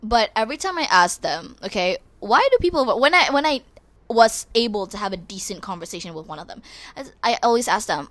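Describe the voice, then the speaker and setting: A woman's voice: medium pitch, lively intonation, brisk, a bit bright. A teenage girl talking casually and candidly to her viewers, rambling with restarts and growing exasperated as she rants. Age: teens. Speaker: vlogger. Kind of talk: casual confessional vlog.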